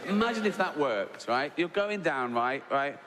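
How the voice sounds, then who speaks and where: A man's voice: fairly high pitch, lively intonation, moderate pace, fairly bright tone, a faint crowd. A middle-aged Englishman doing a stand-up set, chatty and sweary, tagging his lines with "right?". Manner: conversational, keeps tagging "right?", swears freely. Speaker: stand-up comedian. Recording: live stage audio in a large reverberant venue with faint ambience.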